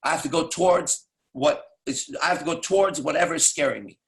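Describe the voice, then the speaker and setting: A man's voice: a little high, a little fast, gravelly. A man talking in a casual monologue as a dating coach, blunt and profane, dropping "right?" and "okay?" after nearly every point. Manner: frequent tag questions like "right?" and "okay?".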